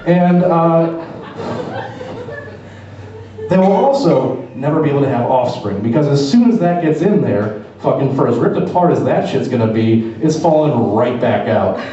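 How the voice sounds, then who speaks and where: On a club stage, a stand-up comedian tells a story laced with swearing, in a mellow, animated, medium-pitched voice at normal speed. The live recording is echoey and dull, picked up from far away, with slight background noise.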